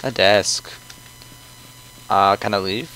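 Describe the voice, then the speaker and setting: A man's voice: lowish voice, slow, pushed and bright, a little hiss or hum, poor audio. A man giving playful game commentary, goofy and joking in an offhand way.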